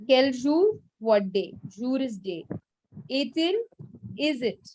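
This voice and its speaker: A woman teaching French in a live online class, repeating words slowly and patiently, then explaining briskly. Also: sits high, animated, a little mellow, a little hiss or hum, low-quality recording.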